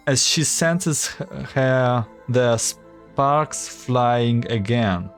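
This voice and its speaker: Slow, offhand male game narrator. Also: mid-range voice, soft background music. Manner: offhand, self-correcting. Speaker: game story reader. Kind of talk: casual narration with commentary.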